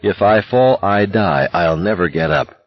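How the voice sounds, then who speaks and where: A man's voice: deep voice, animated, a little slow, lo-fi sound. A man voicing a young male marcher, giddy, breathless and desperate. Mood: grim.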